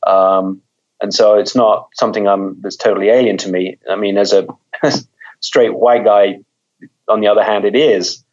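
Low-voiced author with a dull lo-fi sound. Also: male voice, steady tone, normal speed. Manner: thoughtful, repeats words while thinking. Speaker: mystery author, guest. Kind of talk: conversational interview.

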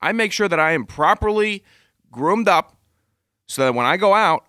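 A man's voice: high-pitched, expressive, normal speed, pushed and bright, clear, resonant tone, no echo, studio quality. Jokey man reading a sponsor spot. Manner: jokey, self-deprecating. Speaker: show regular reading an ad. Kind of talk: casual ad read.

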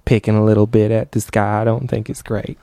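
A man's voice: fairly low pitch, flat delivery, fairly quick, creaky, mellow, no room sound. A man co-hosting a comedy podcast, trading profane, joking banter and laughing often. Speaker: podcast co-host. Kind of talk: crude casual banter.

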